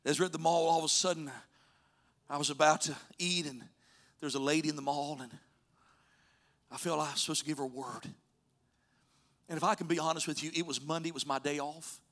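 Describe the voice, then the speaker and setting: A male pastor delivers a storytelling sermon, his voice sitting a little high for a man. He pushes up into loud, urgent pleas, then drops to soft, hushed asides. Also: steady tone, fairly quick, creaky, long pauses. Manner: storytelling preacher, swings from loud urging to soft near-whispers.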